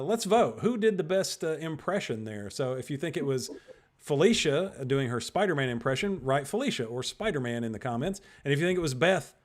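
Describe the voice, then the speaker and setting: A man hosting a virtual improv show over a video call, loose and rambling with fillers. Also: on the high side.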